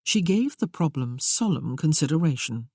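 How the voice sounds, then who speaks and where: A woman narrating a romance novel in a measured, steady manner. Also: deep voice, husky, no room sound, clean studio sound. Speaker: audiobook narrator.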